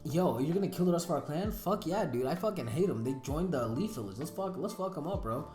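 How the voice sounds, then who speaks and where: Brief: a woman as a crude, eager vengeful ninja, low voice, roomy sound. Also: lively intonation, fairly quick, dark tone, faint music behind. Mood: gleeful. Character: gleeful vengeful male ninja elder. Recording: roomy echo.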